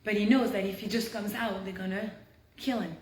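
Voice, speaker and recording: A woman teaching a Torah lesson on a video call. She tells the story with animated energy and drops to a hush when the tension rises. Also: mid-range voice, brisk. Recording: roomy echo.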